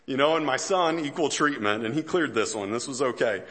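A man's voice: medium pitch, expressive, a little fast, a bit bright. Guy in his 40s preaching, chatty storyteller, pokes fun at himself, lots of "uh" and restarts. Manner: conversational storytelling with self-deprecating humor; frequent fillers and restarts, chuckles between lines. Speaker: pastor. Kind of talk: sermon.

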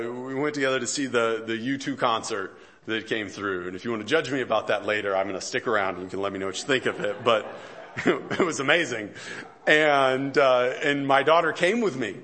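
A pastor in his forties delivers a sermon as relaxed, conversational storytelling. He pokes gentle fun at himself, laughs lightly between lines and circles back with fillers and restarts. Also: medium pitch, fairly quick. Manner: conversational storytelling with self-deprecating humor.

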